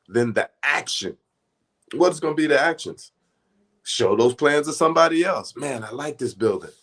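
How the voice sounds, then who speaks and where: A man's voice: mid-range voice, fairly bright tone. A man teaching spiritual affirmations in a conversational, emphatic way, often chanting decrees over and over. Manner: conversational, frequent restarts and "right?".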